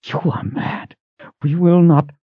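A man's voice: on the high side, takes it slowly, breathy edge, no room sound, narrow, tinny audio, pitched above the performer's own voice, heavily acted. A man voicing an indignant, defiant woman, a stern religious sister.

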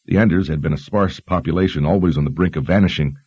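A man voicing a learned young woman who explains history in a measured, explanatory way. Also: low voice, a little mellow, slightly rough, dry recording, muffled recording. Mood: eager.

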